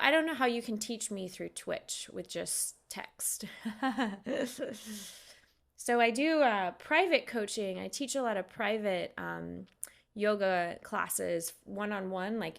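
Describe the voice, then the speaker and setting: A woman's voice: mid-range voice, vocal fry. A young adult woman, a yoga instructor, chatting casually with viewers on a live stream and answering their questions.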